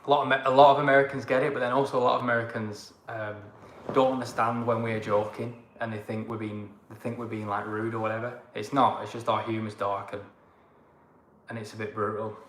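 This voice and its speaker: A man's voice: lowish voice, flat delivery, fast. A man with a Northern English accent, rambling casually as he co-hosts a travel livestream. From Northern England. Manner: chatty, rambling banter. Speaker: travel vlogger, co-host. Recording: echoey room with faint ambient noise.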